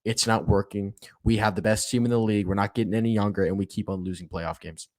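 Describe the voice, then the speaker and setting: A man's voice: on the low side, fairly even intonation, fast talker, a little mellow. A young man hosting a solo sports podcast, talking in an emphatic, fired-up way and hammering the same points again and again. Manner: fired-up, emphatic, repeats himself. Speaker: podcast host.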